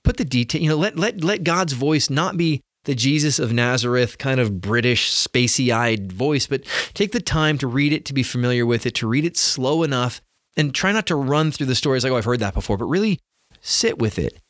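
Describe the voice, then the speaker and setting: A man's voice: medium pitch, expressive, fairly quick, no echo, studio quality. A middle-aged man giving an earnest sermon-style teaching, often repeating words as he starts phrases. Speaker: teacher of faith.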